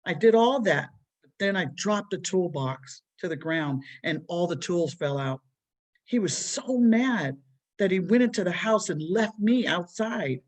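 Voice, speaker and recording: A woman's voice: lowish voice, animated, unhurried, darkish tone. A woman voicing an upset young boy who blames himself for trouble at home, speaking tearfully. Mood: sad. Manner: tearful, pleading.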